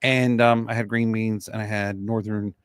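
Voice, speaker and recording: A middle-aged man hosting a casual live-stream chat, telling stories in a chatty, animated way. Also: lowish voice, clean tone, no echo. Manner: chatty storyteller, quick and animated. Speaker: host.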